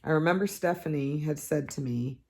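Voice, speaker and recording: A woman hosting a crafting channel, chatting casually to her viewers in a blunt, animated, profane rant with dramatic swoops up in pitch for emphasis. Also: normal speed, creaky. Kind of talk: casual chat vlog.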